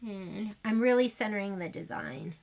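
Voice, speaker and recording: A woman with a mid-range, slightly mellow voice hosts a sewing livestream, speaking at a normal speed. She chats casually and rambles to her viewers while she works.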